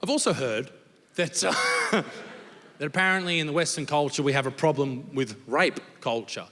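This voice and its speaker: A man's voice: on the high side, moderate pace, fairly bright tone. A young Australian man doing a crude, brash stand-up set before a live audience. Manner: crude, brash storytelling with swearing. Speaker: stand-up comedian. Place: comedy venue with live audience. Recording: live hall reverb, faint noise.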